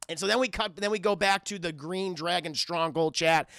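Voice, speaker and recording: A man's voice: high voice, normal speed, fairly bright tone, smooth, no echo, studio quality. A man recapping a film live for his stream chat, rambling and swearing freely as he goes. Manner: rambling, profane, addresses chat.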